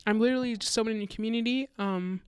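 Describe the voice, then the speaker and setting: Woman guest, casual storyteller, clear dry close-mic sound, animated with quoted dialogue. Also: fairly high pitch, rapid-fire, no echo. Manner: animated, acts out quotes with many fillers. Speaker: guest speaker.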